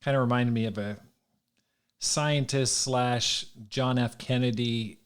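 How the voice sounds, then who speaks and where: A man hosting a podcast interview in a relaxed, conversational tone. He often doubles back on his words and restarts as he works out his questions. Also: mid-range voice, slow, clear, resonant tone. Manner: relaxed, restarts and repeats words while thinking. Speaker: podcast host.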